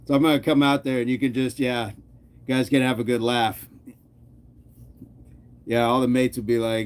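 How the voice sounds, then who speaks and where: A man's voice: mid-range voice, flat delivery, moderate pace, long pauses. A man hosting a fitness channel, chatting casually with his live chat, joking often and laughing. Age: adult.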